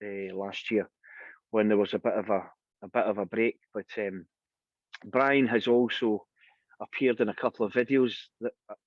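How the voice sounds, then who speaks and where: A Scottish singer being interviewed, telling anecdotes in a casual, animated way and acting out the voices of the people in them. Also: male voice, on the low side, moderate pace, long pauses, dry recording. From Scotland. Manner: lively anecdotal storyteller, acts out quoted voices. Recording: dry, dull lo-fi sound.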